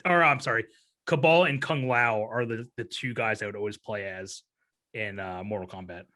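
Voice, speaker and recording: Man, podcast co-host, casual film chat, bright tone, animated, laughs a lot. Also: moderate pace. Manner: animated, laughs often, voice jumps high when excited.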